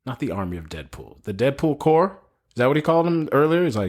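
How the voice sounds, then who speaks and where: A man co-hosting a movie review podcast, retelling scenes in a rambling, animated way and slipping into quick put-on quotes. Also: medium pitch. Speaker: podcast co-host. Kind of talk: casual movie review chat.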